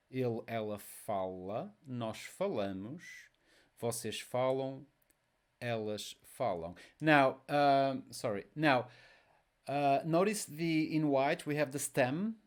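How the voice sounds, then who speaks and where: Slow, patient male language teacher. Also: mid-range voice, a little mellow, smooth. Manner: slow, patient, repeats words for drill. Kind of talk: online language lesson.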